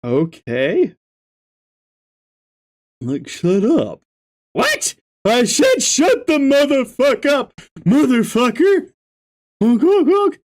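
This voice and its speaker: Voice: high-pitched, huge pitch swings, extremely slow, pauses often, darkish tone, voice pushed up, full character voice. A reader voicing a panicky young male alien troll who swears shrilly and frantically. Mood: panicked.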